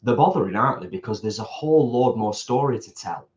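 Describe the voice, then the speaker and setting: A man's voice: lowish voice, lively intonation, fast talker, a little mellow, muffled recording. A man co-hosting a casual eating livestream, chatting and rambling while reading out viewer comments. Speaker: co-host of a food channel. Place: home, eating at a table.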